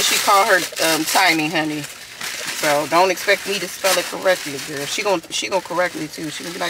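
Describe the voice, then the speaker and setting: A woman vlogging on her phone in a casual, animated way, calling her viewers girl, honey and y'all. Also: low-pitched, a little fast. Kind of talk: casual vlog chat. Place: in a car and at home. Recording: loud background noise.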